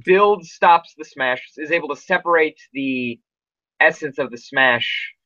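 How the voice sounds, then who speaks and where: A man's voice: on the high side, measured pace, pushed and bright, dry recording, dull audio. Chatty male podcast host, dry sound. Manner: rambling with many fillers and restarts. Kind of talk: casual chat.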